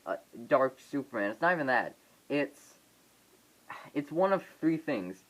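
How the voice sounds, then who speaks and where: A man giving a casual off-the-cuff review to his phone camera, rambling and halting, with many fillers and restarts. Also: mid-range voice, fairly bright tone, highs cut off. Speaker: vlogger reviewing a film.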